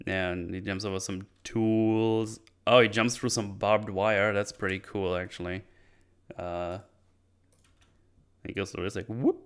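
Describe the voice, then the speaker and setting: Casually going over a martial arts film, a man who reviews films rambles, swears freely and tosses in fast impressions of the characters. His voice is lowish, level, clear and resonant.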